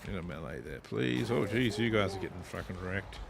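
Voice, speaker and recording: Gravelly Australian man narrating gameplay. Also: sits low, lively intonation, fairly quick, noisy background. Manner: chatty, swears casually, talks to his units. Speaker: gameplay streamer. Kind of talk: casual gameplay commentary.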